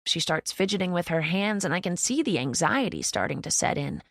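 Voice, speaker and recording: Brief: female audiobook narrator, low and gravelly, even and reflective. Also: a little fast, no room sound, clean studio sound. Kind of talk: first-person novel narration.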